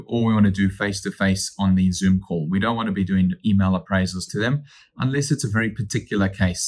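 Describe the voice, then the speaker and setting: A man, a real estate agent teaching cold calling in an upbeat, energetic way that acts out phone calls. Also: lowish voice. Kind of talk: instructional talk.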